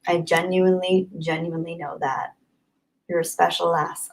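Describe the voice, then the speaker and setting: A woman's voice: fairly low pitch, little pitch movement, normal speed, poor audio. A young woman hosting a live stream, reading viewer messages and thanking them in an emotional, effusive way. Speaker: livestream host.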